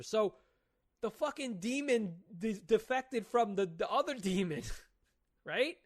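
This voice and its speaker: A fairly high-voiced man co-hosting a casual podcast, talking fast and loose. He piles up curse words while he excitedly retells plots, stumbling and restarting as he goes. His voice has a lightly raised register. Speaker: podcast co-host. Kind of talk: casual chat.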